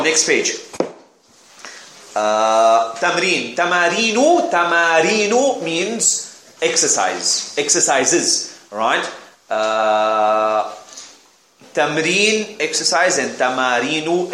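A man teaching an Arabic class in English, brisk and joking, sprinkling Arabic words as he corrects students. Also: fairly high pitch, a bit bright, reverberant, a little hiss or hum, low-quality recording. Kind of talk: classroom lesson, explaining and correcting.

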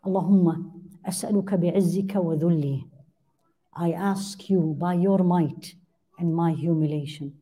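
A woman's voice: lowish voice, fairly even intonation, moderate pace, dark tone, slightly rough. A woman giving a religious lesson, translating Arabic supplications line by line and putting questions to her listeners. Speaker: religious teacher.

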